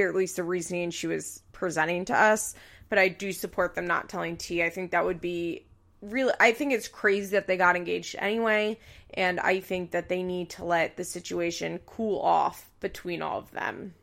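A woman's voice: mid-range voice, fairly bright tone. A young woman hosting a show who recaps a reality series in casual, chatty talk, full of "like" fillers. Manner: chatty, frequent "like" fillers, quotes people in passing. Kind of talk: casual chat.

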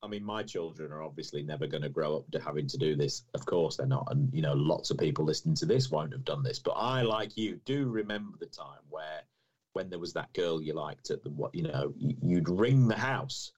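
A man's voice: extremely low pitch, a little fast, darkish tone, breathy edge, highs cut off. A young man co-hosting a casual podcast, joking and teasing with rambling questions. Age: young adult. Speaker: podcast co-host.

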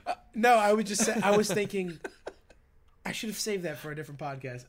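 A high-pitched man chatting on a podcast, loose and jokey. He laughs through his lines and circles back over half-finished thoughts. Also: lively intonation, a little fast. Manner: laughs often, trails off and restarts. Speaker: podcast co-host. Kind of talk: casual comedic chat.

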